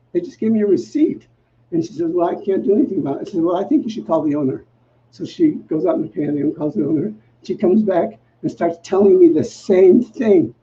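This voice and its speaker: A male minister telling a personal story in a sermon, acting out the dialogue in a lively, self-mocking way. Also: high-pitched. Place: church sanctuary. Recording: muffled recording with faint background noise.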